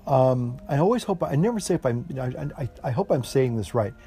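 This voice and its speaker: A man's voice: mid-range voice, animated, brisk, warm tone. Rambling folksy man smoking a pipe. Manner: rambling, many fillers and restarts; folksy, says "y'all". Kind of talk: relaxed casual chat to camera. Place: outdoors in an evening breeze, smoking a pipe. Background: classical music playing faintly.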